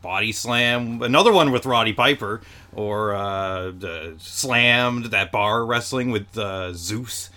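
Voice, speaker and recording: A man's voice: fairly low pitch, slow, bright, forceful tone. A man appearing as a podcast guest in casual chat, easygoing and chuckling.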